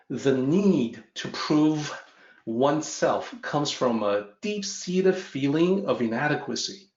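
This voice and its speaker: A man teaching a lesson through a story in a measured, explanatory way. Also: mid-range voice. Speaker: Tao teacher. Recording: roomy, dull lo-fi audio.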